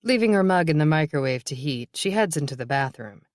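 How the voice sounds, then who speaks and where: A woman narrating a novel in a measured, even reading. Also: deep voice, dry recording, studio quality. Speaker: audiobook narrator. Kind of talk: scripted narration.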